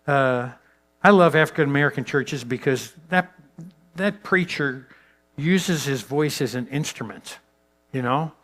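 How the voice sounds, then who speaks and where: A man speaking at a pastors' conference in a mid-range voice. He tells stories with animated energy, jumping up in pitch and volume, then pulling back to a hushed, slow delivery to make a point. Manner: animated storyteller, swings pitch and loudness. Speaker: guest speaker. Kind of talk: leadership talk to pastors.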